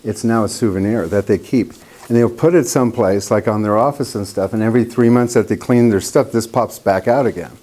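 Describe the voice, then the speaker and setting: A man leads a painting workshop with a warm, mellow voice. He talks in a loose, chatty way and tells stories, putting on the voices of the people in them. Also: lowish voice, a little fast. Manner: chatty storyteller, acts out quoted voices. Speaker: painting instructor. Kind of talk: casual workshop teaching.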